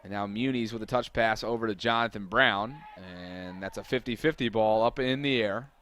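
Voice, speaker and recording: Energetic male play-by-play soccer announcer. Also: on the low side, moderate pace, clear, resonant tone. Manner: energetic, builds to shouted calls on big plays. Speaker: play-by-play commentator. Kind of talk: live sports commentary.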